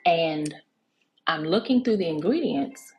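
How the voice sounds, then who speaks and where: A woman's voice: sits low, expressive, a little slow, slight background noise, rough recording. A woman giving a casual, chatty cooking demonstration, telling family stories with lots of fillers and restarts. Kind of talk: casual storytelling cooking demo.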